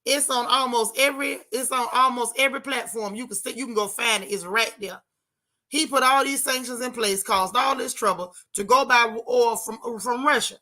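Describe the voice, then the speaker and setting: A woman hosting a livestream from her car, giving sassy, animated commentary and reading viewer chat aloud. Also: fairly high pitch, moderate pace. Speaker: livestream host. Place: in a car while driving.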